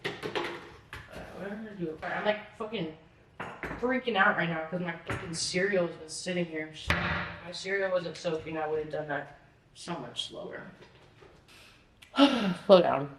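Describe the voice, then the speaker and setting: A woman's voice: lowish voice, unhurried, pauses often. A young woman in her twenties rambling in a casual vlog at home, scattered and frantic, swearing and filling with "like". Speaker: vlogger. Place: apartment. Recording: echoey room with faint noise.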